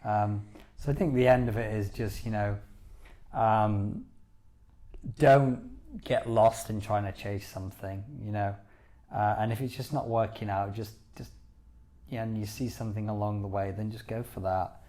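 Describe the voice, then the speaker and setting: Man, casual podcast chat, rambling, low voice, dark mellow tone. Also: fairly even intonation, normal speed. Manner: rambling, many "you know"s, enthusiastic. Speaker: podcast co-host.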